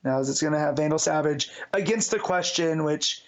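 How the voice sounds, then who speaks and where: A man's voice: on the high side, a little fast. A man co-hosting a podcast, summing up comics in a casual, rambling chat full of fillers and restarts. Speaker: podcast co-host. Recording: dull lo-fi sound.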